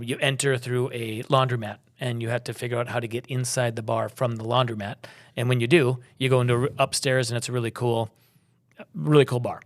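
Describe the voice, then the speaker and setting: A man's voice: medium pitch, a bit bright. A middle-aged man from Minnesota co-hosting a travel podcast, telling stories in a rambling casual chat. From Minnesota, USA. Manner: rambling, storytelling with restarts.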